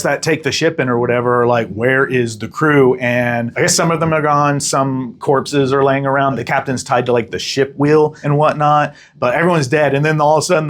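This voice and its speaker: Rambling, profane male movie host. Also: mid-range voice. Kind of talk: casual movie recap.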